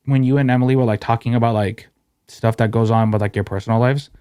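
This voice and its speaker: A man's voice: medium pitch, steady tone, quick pace, mellow, clear, resonant tone, dry recording, clean studio sound. A young man hosting a podcast in casual chat, laid-back and slangy, with lots of filler words. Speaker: podcast host.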